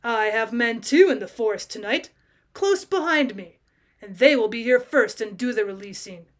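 A woman's voice: a little high, animated, normal speed, natural voice. A woman reading the part of a bitter, menacing poacher pinned in a forest, in a voice close to her own. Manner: quiet and menacing. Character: bitter trapped forest poacher, grim man.

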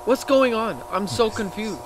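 A man's voice: sits high, expressive, normal speed, background noise. A man hosting a reaction video, swearing and exclaiming in fright as he watches. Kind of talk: casual reaction commentary.

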